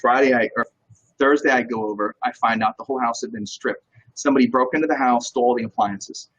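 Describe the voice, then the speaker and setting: A man's voice: medium pitch, fast talker, breathy edge, poor audio. A man, a real estate broker, talking as a guest in a casual interview and telling stories with lots of energy. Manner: energetic, animated storyteller.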